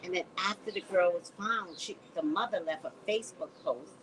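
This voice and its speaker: A woman hosting a podcast, reading from a police report and adding her own animated commentary in casual chat. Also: fairly low pitch, a little fast, a little hiss or hum, poor audio. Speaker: podcast host. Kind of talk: casual chat recounting a news case.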